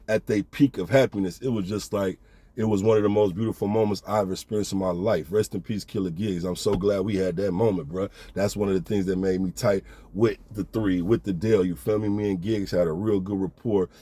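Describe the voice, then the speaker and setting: Here the storyteller host is a man whose voice runs low and dark, with no echo on the recording. His laid-back tale is full of slang, and he regularly pauses to check that the listener is following.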